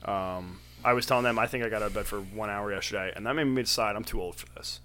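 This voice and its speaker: A young man telling stories in a profane, animated way during a casual chat among friends. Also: lowish voice, fast, slight background noise.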